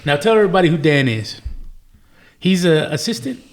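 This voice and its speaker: A man's voice: on the high side, expressive, brisk. A man hosting a podcast who steers the conversation with short, prompting remarks and questions. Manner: brief, prompting interjections. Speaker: podcast host. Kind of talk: casual chat.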